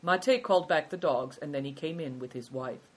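A narrator reading a storybook aloud in a measured, steady way. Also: mid-range voice, breathy edge, rough recording.

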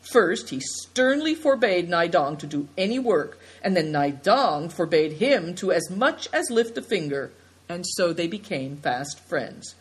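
A woman reading a story aloud as narrator, lifting her pitch to voice the characters. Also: big pitch swings, measured pace, slightly rough. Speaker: audiobook narrator.

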